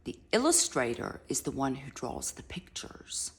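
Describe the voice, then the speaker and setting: A woman reading a children's picture book aloud to a child, narrating softly and often dropping to a whisper. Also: rumbling low, wildly swooping pitch, a little slow. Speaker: reader to a child.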